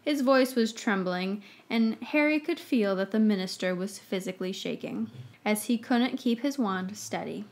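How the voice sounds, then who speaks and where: A woman podcast host reading fan fiction aloud with expressive storytelling narration. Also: medium pitch, moderate pace.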